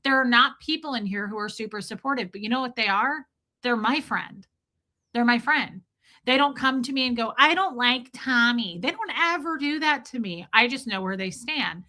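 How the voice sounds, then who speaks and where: A woman's voice: a little high, animated, moderate pace, pushed and bright. A woman live streamer chatting candidly with her viewers, swearing casually and greeting them by name. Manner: greets chat viewers by name mid-story. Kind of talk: casual livestream chat with viewers.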